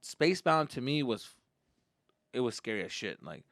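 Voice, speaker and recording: A young male comedian spinning a profane, animated story on his podcast. His pitch swings widely as he jumps into voices. The recording is dry and close, with no room sound. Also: moderate pace, vocal fry, no echo. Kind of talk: comic storytelling.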